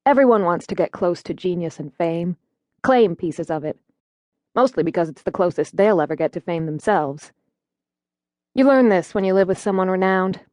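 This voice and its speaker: A woman's voice: fairly low pitch, expressive, normal speed, darkish tone, dry recording. A woman narrating a first-person audiobook in a wry, conversational storytelling manner, recorded in a studio.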